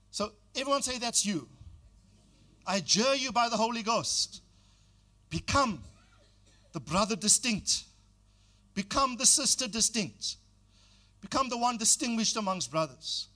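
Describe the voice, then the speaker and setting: A man's voice: extremely high pitch, lively intonation, a little slow, pauses often, sharp tone. An older man preaching a sermon as pastor, exhorting the congregation and calling on them to repeat phrases.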